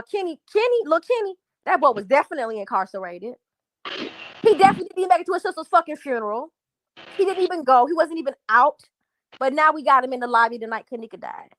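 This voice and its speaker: High-voiced woman ranting, dry sound. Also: a bit bright, dry recording. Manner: angry, profane, repetitive, addresses chat as y'all. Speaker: livestream host. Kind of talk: heated livestream rant to viewers.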